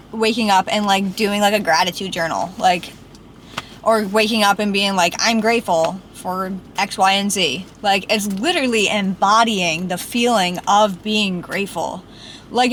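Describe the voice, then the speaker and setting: A woman's voice: mid-range voice, a bit bright, slight background noise, poor audio. A young woman talking unscripted to her camera as a vlogger, rambling and filling her talk with "like" and restarts. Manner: rambling, heavy use of "like", self-correcting. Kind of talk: unscripted casual vlog talk.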